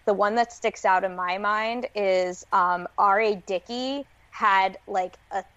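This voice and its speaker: A woman's voice: medium pitch, slow, a bit bright, no room sound, dull audio. A woman co-hosting a podcast, chatting animatedly with frequent laughs and quips. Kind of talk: casual podcast chat.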